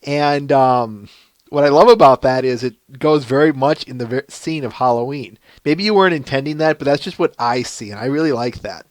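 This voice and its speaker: Podcast host, man, Minnesotan accent, mid pitch, dry close sound, chatty with frequent restarts. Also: normal speed, dry recording. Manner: chatty, laughing, restarts often. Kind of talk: casual live-stream podcast chat.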